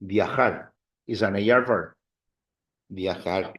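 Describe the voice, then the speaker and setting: A man's voice: fairly low pitch, husky, highs cut off. A man teaching a class, explaining verb endings patiently and drilling students in a classroom. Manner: slow, patient, drills students with call-and-response. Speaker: Spanish teacher. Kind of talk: classroom lesson.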